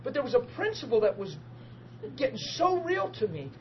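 An earnest male minister tells his faith testimony with plenty of emotion, in a voice that sits high for a man. The recording is dull and muffled. A steady background hiss runs under his voice. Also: normal speed.

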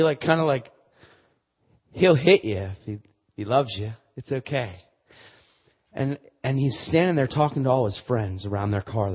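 A man preaching a sermon with a personal testimony, stumbling and repeating words, then building to loud emphatic preaching. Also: medium pitch, slightly rough, long reverb tail. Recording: muffled lo-fi sermon recording.

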